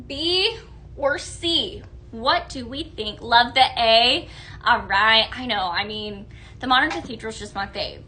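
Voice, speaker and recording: A woman hosts a live shopping stream. She gushes about products and reads viewer votes aloud. Her voice is bright and sits a bit high. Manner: bubbly, gushing, reads viewer comments aloud. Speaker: live-selling host.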